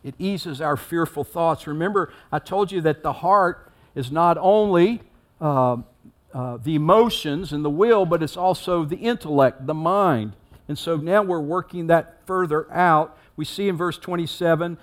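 Guy preaching, kinda high voice, chatty and dramatic. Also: a little slow. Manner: conversational preaching, dramatic retelling with rising intensity. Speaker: pastor. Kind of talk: sermon.

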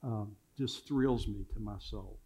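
A man's voice: on the low side, a little slow, a little mellow, slightly rough. An older man preaching a sermon in a church, telling family stories and repeating key phrases for emphasis. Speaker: pastor. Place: church sanctuary.

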